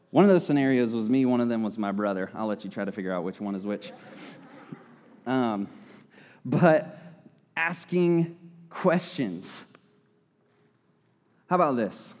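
A man's voice: medium pitch, expressive, a little slow, pauses often, darkish tone. Young guy preaching, chatty and joking, fixes his words a lot, big echoey church hall. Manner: conversational, self-correcting, with playful asides. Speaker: lay preacher. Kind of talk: sermon. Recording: long hall reverb.

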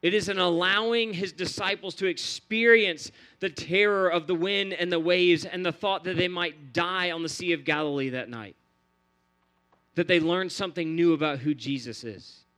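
A man's voice: high-pitched, moderate pace, pushed and bright. A man preaching a sermon in an earnest, repetitive cadence, building phrase on phrase. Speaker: pastor.

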